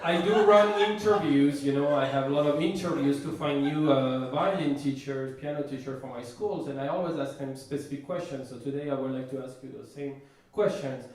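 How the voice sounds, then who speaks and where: A man doing a stand-up comedy set, boasting in a deadpan way and often restarting his sentences. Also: medium pitch, brisk, few pauses. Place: comedy stage before a laughing audience. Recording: echoey, distant live room mic with noise.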